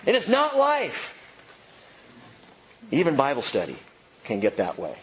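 A man with a somewhat high voice preaches to his congregation in a church. He moves his voice from hushed lows to excited highs and lends voices to the people in his examples. The recording is a little dull, with faint room noise underneath. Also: measured pace. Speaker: pastor. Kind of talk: sermon.

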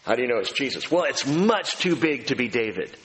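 A man preaching a sermon as pastor to a large auditorium, emphatic, with slow stressed phrases that rise as he builds. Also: mid-range voice, very animated, fairly bright tone, in a large hall, poor audio.

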